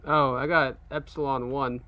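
A man's voice: medium pitch, normal speed, dull audio. Laughing man in casual gaming chat. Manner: laughs often, joking and relaxed. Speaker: roleplay streamer.

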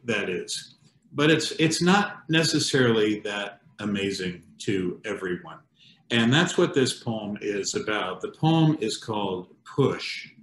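A middle-aged man reading his own poems and chatting between them, in a slow, conversational way with hesitations and asides. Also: lowish voice. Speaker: poet and painter. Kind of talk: poetry reading with chat. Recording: echoey room.

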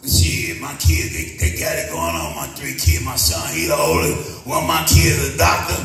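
A middle-aged man doing a stand-up comedy set, telling stories loudly with shouting and heavy profanity. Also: low-pitched, normal speed. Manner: loud, profane, animated storytelling with shouting. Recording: echoey room, distant mic, music.

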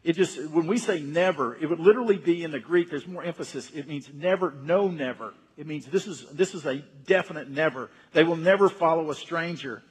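A man with a high, husky voice delivers an emphatic Sunday sermon, repeating words to build each point. His voice echoes with a long reverb through a church sanctuary. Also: fairly quick, few pauses, a little mellow. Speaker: senior pastor.

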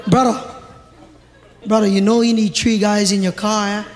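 Brief: man, Hawaii Pidgin-inflected stand-up comic, high voice, shouts punchlines, live theater hall with crowd. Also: flat delivery, normal speed, heavy background noise. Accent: Hawaii Pidgin-inflected English. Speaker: stand-up comedian. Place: large theater.

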